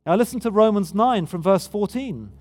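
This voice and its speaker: Preacher, male, fairly high voice, chatty but emphatic sermon delivery. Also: lively intonation, normal speed. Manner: conversational, emphatic, with frequent restarts.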